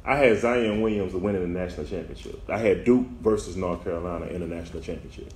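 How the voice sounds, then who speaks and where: A man, a relaxed co-host who chimes in with quick affirmations. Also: low voice, slight background noise. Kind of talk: casual chat. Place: indoor room on camera. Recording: roomy echo.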